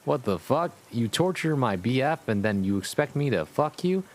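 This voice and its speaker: A man's voice: medium pitch, sing-song, moderate pace, close to an everyday voice. A man voicing an angry, foul-mouthed teenage goth girl in a mock-dramatic reading of a fan story. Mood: furious. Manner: swearing, furious.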